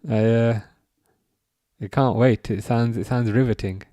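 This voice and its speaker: A young man hosting a live football watchalong. He reacts to the match and answers chat, with excitable outbursts at big chances. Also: mid-range voice, measured pace, no echo, clean studio sound.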